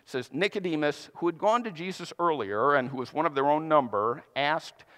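A man's voice: a little high, lively intonation, moderate pace, a bit bright. A man preaching a sermon, retelling a scripture story in a casual, conversational way with playful asides. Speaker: pastor. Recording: long hall reverb.

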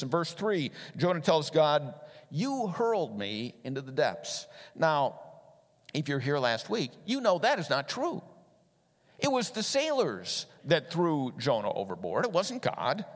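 A middle-aged man preaching a sermon as a pastor, animated and swinging between loud emphatic lines and quiet ones. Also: on the high side, unhurried. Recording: long hall reverb.

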